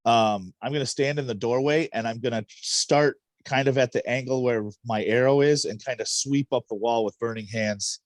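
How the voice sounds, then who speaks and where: A man's voice: mid-range voice, normal speed, hardly any pauses, dry recording. A man playing a tabletop game over a call, casually describing what his character does and laughing often. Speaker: player.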